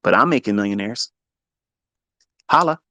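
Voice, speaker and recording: A man giving a blunt, profane trading lecture, hammering points with repetition and swinging between loud bursts and low asides. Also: animated, normal speed, no echo. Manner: blunt, heavy swearing, emphatic repetition. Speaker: trading educator.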